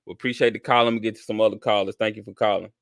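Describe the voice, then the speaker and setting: Chill host guy, low smooth voice, dry mic, talks easy w callers. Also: level tone, very fast, no room sound. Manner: easygoing, conversational, sympathetic. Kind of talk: call-in show hosting.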